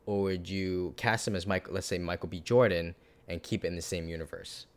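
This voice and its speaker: A man co-hosting a podcast, rambling and animated in casual chat, swearing now and then. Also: sits low, a little fast. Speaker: podcast co-host.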